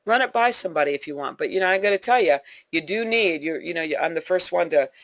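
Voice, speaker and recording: A woman's voice: fairly low pitch, animated, quick pace, no echo. A woman leading a sales team, giving a motivational conference call talk in a folksy, emphatic way, repeating points for emphasis and laughing often.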